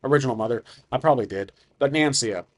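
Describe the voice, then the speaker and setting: A man narrating his own solo tabletop campaign at a mid-range pitch. He talks casually and thinks aloud, musing over names and details as he goes. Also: fast talker. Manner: rambling, thinks aloud with fillers. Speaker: solo game master and narrator.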